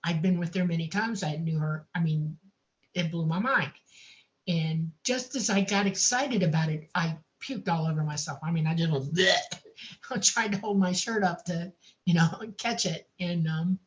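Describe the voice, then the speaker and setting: A woman recounting a personal experience in a casual, animated way, laughing often and saying "I mean" a lot. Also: lowish voice, normal speed, lo-fi sound. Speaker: guest recounting an abduction experience.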